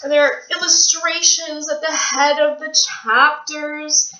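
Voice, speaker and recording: A Canadian woman vlogging casually from a small room at home, chatty, rambling and gushing with excitement. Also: high voice, slow, roomy sound, muffled recording. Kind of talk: casual vlog chat.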